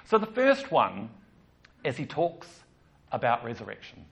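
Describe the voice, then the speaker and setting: A man preaches in a relaxed, joking way, his pitch rising and falling a lot. The recording sounds a little dull. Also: a little slow, vocal fry. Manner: chatty, joking, animated. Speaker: pastor. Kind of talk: sermon.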